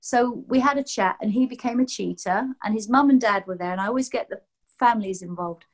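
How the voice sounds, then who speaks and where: A woman's voice: a little high, fairly quick. A woman in her sixties, a massage therapist, telling a rambling story on a video call and acting out what people said. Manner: lively, rambling, acts out quotes in voices. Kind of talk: casual storytelling chat.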